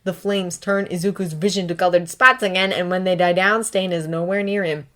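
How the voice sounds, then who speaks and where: A woman narrating a fanfiction story in an expressive, dramatic reading. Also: lowish voice, fairly quick. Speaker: fanfiction reader. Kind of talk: audiobook narration.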